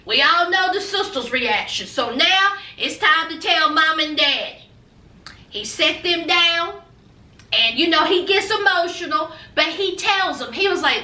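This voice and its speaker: A very high, sharply bright woman's voice delivering sassy, teasing gossip about a reality show. She talks playfully and freely, like a regular host. The sound is echoey, with her some distance from the mic. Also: expressive, unhurried. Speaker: reality TV reviewer. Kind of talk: casual gossip commentary.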